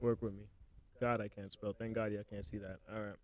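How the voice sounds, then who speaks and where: Speaking briskly in a lowish, level voice, the solo podcast host riffs on a made-up spooky tale. He talks in playful, slang-filled, jokey bursts into his mic.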